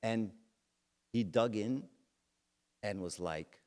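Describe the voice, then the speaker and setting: Here a middle-aged man takes it slowly, his lowish voice a little mellow. In a conversational church talk, he shares a personal story while speaking straight to the audience.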